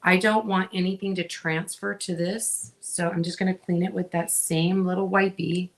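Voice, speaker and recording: A middle-aged woman hosting a crafting video, chatting casually with viewers as she works and often pausing with fillers. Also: on the low side, level tone. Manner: chatty, talks to viewers while working, frequent fillers.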